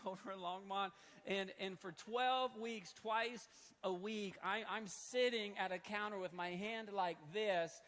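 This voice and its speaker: A man in his thirties preaching in a church hall, telling a story in an animated, conversational way. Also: sits high. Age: 30s. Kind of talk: sermon storytelling. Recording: long hall reverb.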